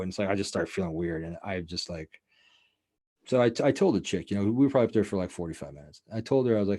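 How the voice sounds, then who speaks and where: A man with a very low voice talks quickly and casually as he hosts a podcast. He tells a long, rambling story full of swearing, and he keeps saying "like" and "you know.". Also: mellow. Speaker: podcast host.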